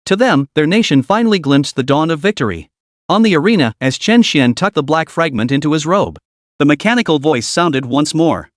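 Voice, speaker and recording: A man narrating a scripted story recap in an even storytelling delivery. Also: on the high side, a little fast, no room sound, studio quality.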